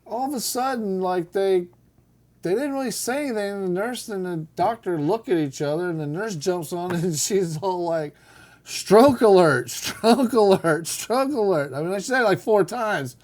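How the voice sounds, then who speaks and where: Middle-aged male co-host, animated storyteller, laughs often, acts out quotes. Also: high-pitched, normal speed. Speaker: podcast co-host telling a story. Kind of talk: casual storytelling chat.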